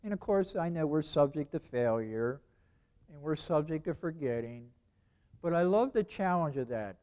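A man's voice: on the high side, expressive, normal speed, warm tone, smooth. A man preaching a sermon in a conversational way, repeating phrases and asking rhetorical questions.

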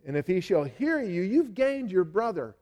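A man's voice: sits high, sing-song, moderate pace, dark tone, muffled recording. A male pastor giving a sermon in a conversational way, full of "you know" asides and words repeated for emphasis.

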